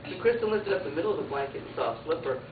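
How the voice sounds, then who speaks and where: A woman teacher reads a picture book aloud to small children with a lively, swooping voice, adding playful asides and loud sound effects. The sound is tinny and thin, with an echoey ring. She was recorded by a camera across a classroom with loud noise around her. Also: fairly low pitch, rapid-fire, recorded from a distance. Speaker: pre-K teacher.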